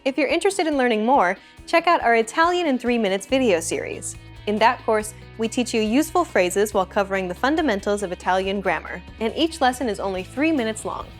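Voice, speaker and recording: A woman hosting a language lesson, reading a script in a clear, even, instructive way. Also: on the high side, fairly quick, few pauses, soft background music.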